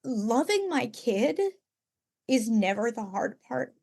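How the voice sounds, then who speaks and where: A woman's voice: on the high side, lively intonation, takes it slowly, creaky, darkish tone. A woman author talking as a podcast guest, earnest and at times close to tears. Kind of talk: emotional podcast conversation.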